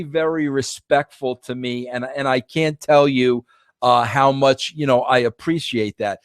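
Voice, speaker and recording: A man's voice: a little high, dry recording. A middle-aged man hosting a podcast, telling a long casual story with many restarts and emphatic repeats. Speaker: podcast host.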